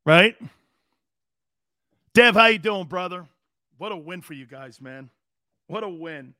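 Brash, animated male sports radio host. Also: high-pitched, measured pace, dry recording, clean studio sound. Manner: brash, rambling, joking. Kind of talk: opinionated sports talk radio.

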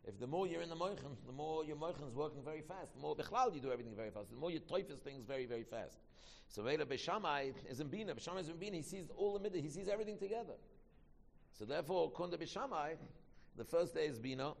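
Fast gravelly man teaching in a hall. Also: fairly high pitch. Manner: quick, repetitive, with many restarts. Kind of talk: Torah class teaching.

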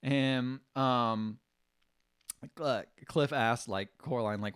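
A man's voice: medium pitch, slow, fairly bright tone, smooth, no room sound, studio quality. A man co-hosting a casual podcast, recapping a film and acting out the characters' lines, swearing freely. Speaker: podcast co-host. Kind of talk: casual movie recap chat.

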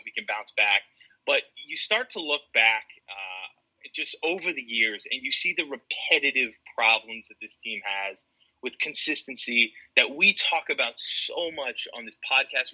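A man's voice: mid-range voice, sharp tone, rough recording. A man contributing to a sports podcast, talking in an exasperated, stammering way with dramatic storytelling. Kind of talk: casual sports podcast chat.

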